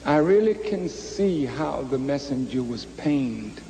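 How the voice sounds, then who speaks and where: A man who leads ministers, recounting events in a measured, reflective speech. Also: mid-range voice, lively intonation, mellow. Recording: long hall reverb.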